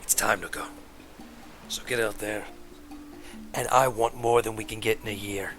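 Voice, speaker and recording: A man voicing a calm, commanding male orca gang boss who speaks low and quiet. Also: normal speed, music in the background, close to an everyday voice. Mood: menacing.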